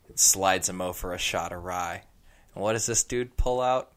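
A man co-hosting a casual chat, telling an animated story and slipping into character voices. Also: low-pitched, normal speed, crowd noise. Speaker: podcast co-host.

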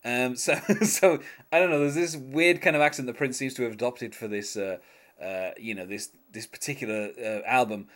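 A man's voice: medium pitch, moderate pace, fairly bright tone. A man co-hosting a casual music podcast, talking in a hesitant, chatty way with many fillers and short laughs. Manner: chatty, hesitant, reads lyrics aloud with laughs. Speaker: podcast co-host.

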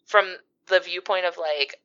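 A woman's voice: fairly low pitch, steady tone, measured pace, bright, forceful tone, clean tone. A woman from the US East Coast co-hosting a podcast, giggly and full of "like" fillers. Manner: giggly, talks with many "like" fillers. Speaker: podcast co-host. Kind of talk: casual podcast chat. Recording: dull, lo-fi sound.

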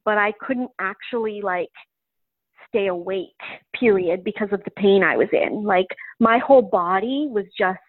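A woman's voice: mid-range voice, dry recording. A woman guest in an interview, recounting a personal story in a chatty way with frequent "um" fillers. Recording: tinny phone-line sound, dry.

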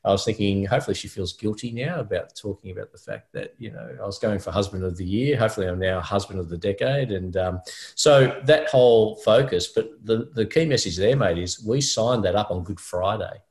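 A man's voice: lowish voice, brisk, a little mellow. A middle-aged Australian man, a podcast co-host, telling a rambling personal story in casual chat with many fillers.

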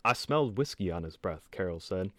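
A man hosting a casual podcast, reading out a history story in an animated way. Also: fairly quick, no echo, clean studio sound. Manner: animated storytelling with lively pitch. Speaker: podcast host.

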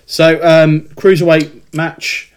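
A man's voice: fairly high pitch, little pitch movement, takes it slowly. A man from Britain co-hosting a casual wrestling podcast, joking and laughing a lot while he reads through the upcoming matches. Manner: jokey, laughs often, reads out the match card. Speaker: podcast co-host.

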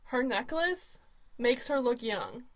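A woman co-hosting a casual chat, playful and quick to react. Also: a little high, very animated, a bit bright, no room sound. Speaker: co-host.

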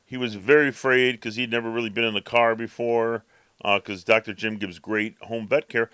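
A man's voice: mid-range voice, flat delivery, normal speed, pushed and bright, clear, resonant tone, no echo. A man co-hosting a podcast, telling a rambling story in casual chat and acting out his cat's thoughts. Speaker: podcast co-host.

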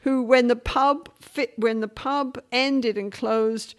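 Brief: middle-aged English woman, slightly high voice, animated storyteller. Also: slow pace. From England. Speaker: guest. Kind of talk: casual interview chat.

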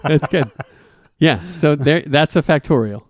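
A man's voice: fairly high pitch, measured pace. A man co-hosting a podcast in casual comedic chat, playfully teasing his co-host. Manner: playful teasing, sing-song bits.

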